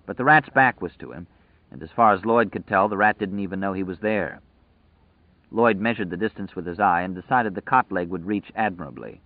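Male audiobook narrator, low voice, measured and vivid, thin phone-like sound, dry. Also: no room sound. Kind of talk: scripted narration.

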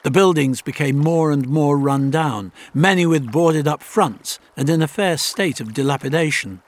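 A man reading a story aloud in a measured, dramatic narrating style. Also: a little high. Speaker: audiobook narrator. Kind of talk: scripted narration.

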